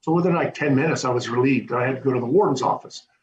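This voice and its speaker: A man recounts his time as a corrections officer at a fast clip, stumbling into restarts as he goes. His voice comes through a video call with a roomy echo, and the sound is dull and low-fi. A faint hum runs underneath. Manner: fast, animated retelling with hesitant restarts. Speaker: former prison corrections officer. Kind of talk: storytelling in an interview.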